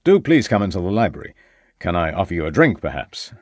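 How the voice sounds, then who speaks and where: A man's voice: deep voice, very animated, no room sound, clean studio sound. Man reading as a drawling, assured American doctor. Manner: slow drawl, formal and assured. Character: slow-drawling American doctor, confident, unruffled.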